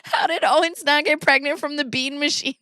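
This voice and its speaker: A woman's voice: sits high, fairly even intonation, normal speed, pushed and bright, dry recording, studio quality. A woman in her thirties hosting a casual livestream, giggly and often breaking into laughter. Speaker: streamer host.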